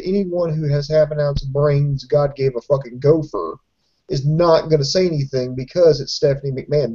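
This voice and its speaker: A man with a slightly high but dark, mellow voice. He gives dry, pointed commentary with sardonic asides. The podcast sound is dull and lo-fi. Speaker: podcast co-host. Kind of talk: wrestling review commentary.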